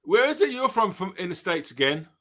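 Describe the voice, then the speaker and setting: A man's voice: high-pitched, very animated, a little fast, fairly bright tone. A British man hosting a casual podcast interview, chatty and storytelling, with rambling questions. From Britain. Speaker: podcast host, drummer.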